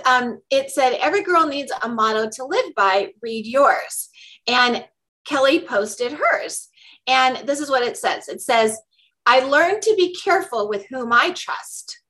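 A woman co-hosting a casual podcast, chatting and telling a story in an animated way. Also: sits high, rough recording. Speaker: podcast co-host. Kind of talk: casual chat.

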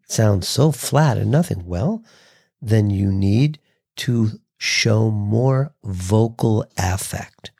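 A man hosting a podcast, teaching voice delivery in a relaxed conversational way and acting out short sample reads. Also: on the low side, slow, vocal fry. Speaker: voice coach and podcast host. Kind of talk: casual instructional talk.

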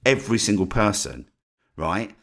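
A man's voice: on the low side, normal speed. A man hosting a podcast, telling a story in a chatty way and often checking in with the listener. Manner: animated, chatty, keeps asking "right?". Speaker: podcast host.

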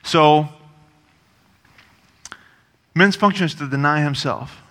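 A man delivering a sermon with a bright, forceful voice sitting a little high for a man. He talks conversationally but with punch, repeating phrases and tossing in casual asides. His voice carries a long reverb, as if in a large hall. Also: slow pace. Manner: conversational and emphatic, with frequent asides and repetition. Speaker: preacher.

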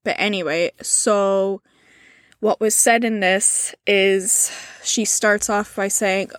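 A woman talking casually on a podcast, her speech loose and full of "like" and "um" as she recounts events. Her voice sits at a middle pitch and sounds close and dry, with no room around it. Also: steady tone, slow, dry recording. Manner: casual, many fillers, reads out quotes in a subdued tone. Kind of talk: casual chat.

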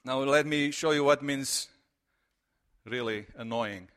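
A man's voice: mid-range voice, slow, fairly bright tone. A middle-aged man from Romania with a Romanian accent, preaching a conversational sermon as a pastor in a church, telling stories with many fillers. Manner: storytelling, conversational with frequent fillers.

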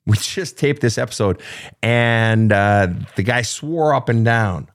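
A man's voice: lowish voice, measured pace. A man hosting a live advice talk show, answering listener questions in a blunt, profane and emphatic way. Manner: animated, acting out emotional outbursts. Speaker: podcast host.

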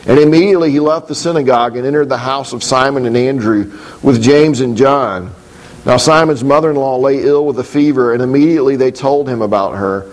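A man teaching from the Bible. He reads the scripture in a measured, deliberate way, then explains it thoughtfully with frequent hesitations. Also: mid-range voice, poor audio. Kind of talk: scripture reading and commentary.

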